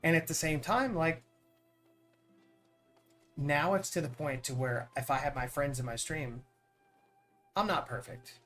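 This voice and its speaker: A man's voice: fairly high pitch, measured pace, pauses often, a bit bright, faint music behind. A man chatting on his live stream in an earnest, rambling way, often repeating words as he starts a thought. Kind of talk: casual chat on a live stream.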